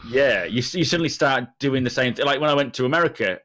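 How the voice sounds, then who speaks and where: A man's voice: mid-range voice, lively intonation, fast, a bit bright. A man co-hosting a podcast, telling stories in a rambling, self-deprecating way during casual chat.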